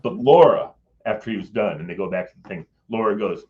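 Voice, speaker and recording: A man with a lowish, darkish voice talks quickly through a personal story from his days as a Capitol Hill staffer. It's rambling and casual, peppered with swearing and acted-out quotes, captured on dull lo-fi audio.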